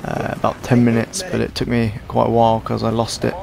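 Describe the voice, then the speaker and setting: Young male gaming commentator, tired and hoarse, gravelly, self-deprecating rambler. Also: medium pitch, completely flat delivery, fairly quick, crowd noise. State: hoarse, sore throat. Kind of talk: casual gameplay commentary.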